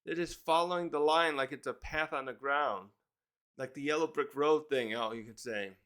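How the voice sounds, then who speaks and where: A man's voice: a little high, moderate pace, fairly bright tone, smooth. A man casually reviewing a manga chapter, rambling, correcting himself and reading the panels aloud.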